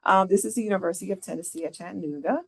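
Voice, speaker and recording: Speaking very fast in a lowish, husky voice with vocal fry, a middle-aged career advisor leads a workshop. She goes over the slides conversationally, regularly tossing in "right?" to check with her audience.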